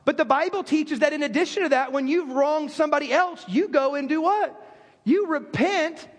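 A man's voice: very high-pitched, normal speed, in a large hall. A man preaching a sermon as a pastor, telling stories with self-deprecating humor.

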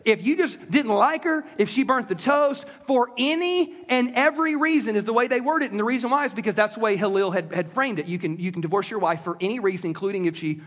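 A man preaching a sermon to a congregation in a lively, conversational way. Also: high-pitched, quick pace, hardly any pauses. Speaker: pastor. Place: church sanctuary with congregation. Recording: long reverb of a large hall.

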